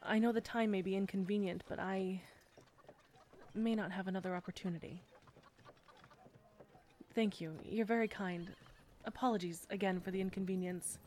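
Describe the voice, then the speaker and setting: A woman's voice: medium pitch, steady tone, normal speed, long pauses, slight background noise, lightly acted. A woman playing a bashful war-weary knight. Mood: shy, tender. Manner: hesitant and bashful, many soft fillers. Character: shy, war-weary female knight commander. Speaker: audio role-play performer. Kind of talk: audio role-play.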